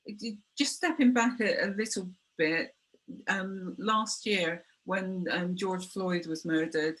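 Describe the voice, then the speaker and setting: A woman's voice: mid-range voice, slow, a bit bright, poor audio. Hesitant middle-aged woman hosting. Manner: hesitant, with many fillers and restarts. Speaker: host. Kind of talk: conversational interview.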